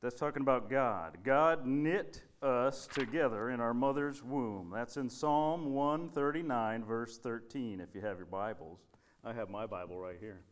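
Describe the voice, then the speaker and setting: A man voices a cheerful male church puppet delivering a children's sermon in a put-on Southern preacher accent. His delivery is showy and drawn out, in a natural, mid-range voice. The mood is playful.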